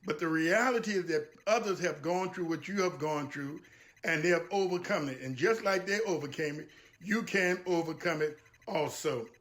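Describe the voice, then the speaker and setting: A man's voice: a little high, normal speed, a bit bright. A man giving a motivational talk to a small audience, preacherly and emphatic, repeating phrases for effect. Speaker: guest speaker.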